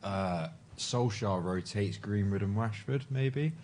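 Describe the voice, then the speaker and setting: A man with a low voice chats about football in a relaxed manner. He often turns to the others with questions. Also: slow pace, a little hiss or hum. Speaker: panelist. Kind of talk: casual football chat.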